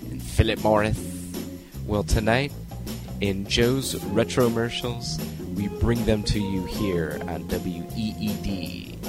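Slow, laid-back radio host, a man. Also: fairly low pitch, over loud music. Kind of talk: radio show hosting.

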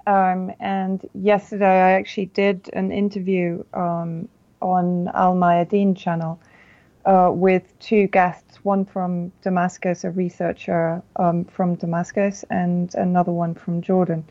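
A woman guest on an interview, explaining carefully with many pauses and fillers. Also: on the low side, level tone, mellow. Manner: measured, hesitant with many fillers. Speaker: guest journalist. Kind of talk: phone-in interview. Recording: muffled lo-fi line.

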